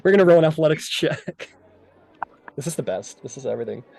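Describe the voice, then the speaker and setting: A man runs a tabletop game as game master, narrating in a loose, casual flow full of fillers. His voice sits a bit higher than most men's. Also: lively intonation, quick pace, creaky, darkish tone, slightly rough. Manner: loose, filler-heavy storytelling.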